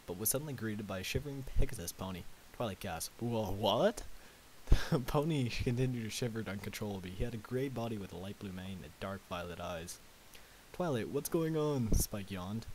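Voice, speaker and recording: A man reading fan fiction aloud in a halting way, stumbling and correcting himself. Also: fairly low pitch, darkish tone, low-quality recording. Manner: halting, with slips and self-corrections. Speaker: amateur reader. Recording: faint tape hiss.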